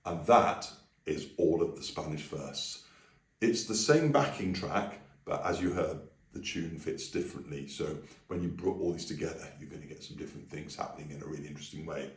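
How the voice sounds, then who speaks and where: A man leading a friendly singing and language lesson, breaking into high sung phrases to demonstrate. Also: moderate pace, roomy sound, distant mic. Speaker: music teacher.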